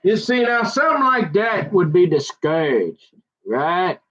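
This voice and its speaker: A man's voice: high-pitched, very animated, unhurried, a bit bright. A man, talking in a rambling, folksy casual monologue that repeats itself and wanders. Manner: folksy, meandering, repeats himself. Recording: dull lo-fi sound.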